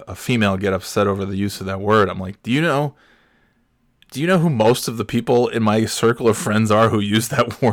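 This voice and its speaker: A man's voice: on the low side, a bit bright, dry recording, clean studio sound. A man in his forties telling stories in a casual, rambling monologue, restarting his sentences and laughing at his own tales. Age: 40s.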